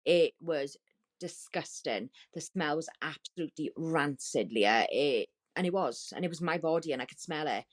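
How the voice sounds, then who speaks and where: A woman guest on a talk show, telling a painful story in a halting, distressed way with many restarts. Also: sits low, lively intonation. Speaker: podcast guest. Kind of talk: emotional storytelling.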